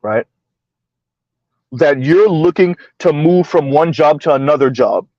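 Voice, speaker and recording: A man hosting a casual commentary vlog speaks at a measured pace, his slightly high voice expressive and a little mellow. He chuckles often and repeatedly asks "right?" The dull lo-fi recording has no echo and sounds dry.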